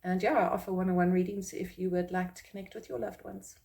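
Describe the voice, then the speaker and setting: A woman's voice: fairly low pitch, level tone, quick pace, vocal fry, a little mellow. A woman from South Africa, a psychic medium, talking casually to camera and acting out quoted reactions in a raised voice. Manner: rambling, with fillers and restarts.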